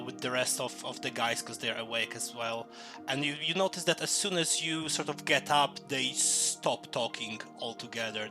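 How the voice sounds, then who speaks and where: A man narrating a tabletop fantasy game as game master, halting often with fillers and restarts. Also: mid-range voice.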